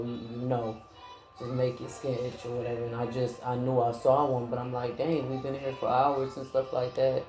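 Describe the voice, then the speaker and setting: A woman's voice: very deep voice, warm tone. A tired young woman, chatting casually and rambling to her viewers, with lots of fillers. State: tired, yawning. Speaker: vlogger, mom. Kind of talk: casual chat. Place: home kitchen. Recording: echoey room with background noise.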